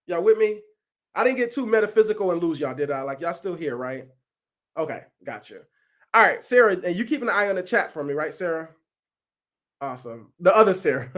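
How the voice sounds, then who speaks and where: High-voiced, energetic male workshop coach. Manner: animated, keeps checking in with listeners. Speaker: workshop facilitator. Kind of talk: energetic coaching talk on a video call. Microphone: video call.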